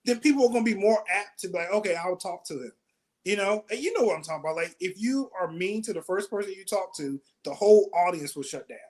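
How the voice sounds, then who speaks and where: A man who is a comedian, talking as a guest in a casual interview and telling animated stories that act out quotes in a raised voice. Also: high-pitched.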